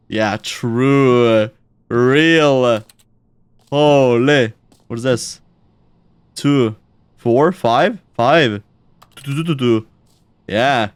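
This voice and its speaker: A young man streaming a game in excitable, stammering casual commentary, with frequent swearing and repeated words. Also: mid-range voice, takes it slowly, pauses often, clear, resonant tone, no room sound.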